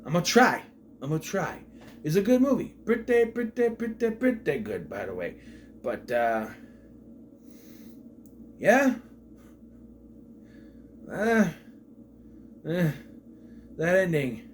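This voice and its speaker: A man's voice: a little high, wildly swooping pitch, slow, long pauses, slight background noise. A man giving a casual spoken film review, retelling scenes with incredulous rhetorical questions. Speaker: movie reviewer.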